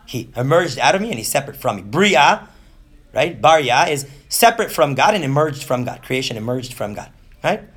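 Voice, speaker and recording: A slightly rough, mid-range voice belongs to a thirty-something teacher leading an energetic class on Jewish texts. He keeps asking "right?" and briefly performs different voices as he goes.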